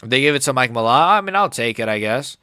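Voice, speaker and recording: A young man chats loosely through a live reaction stream, filling his talk with "like" and "bro" at a middling pitch. His voice now and then cracks upward. The sound is dry and close, with no room around it. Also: expressive, fast, sharp tone, smooth, no room sound. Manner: rambling, filler-heavy, says "like" and "bro" often. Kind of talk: casual live reaction chat.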